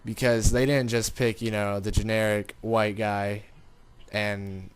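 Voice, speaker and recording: A man's voice: lowish voice, little pitch movement, slow, clear, resonant tone. A man giving casual gameplay commentary, rambling and informal, talking straight to his viewers. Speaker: gaming commentator.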